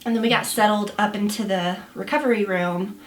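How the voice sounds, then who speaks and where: A woman's voice: medium pitch, steady tone, brisk, a little hiss or hum. A young woman, a new mother, telling a story in a chatty, casual way with lots of fillers and quoted asides. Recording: roomy echo.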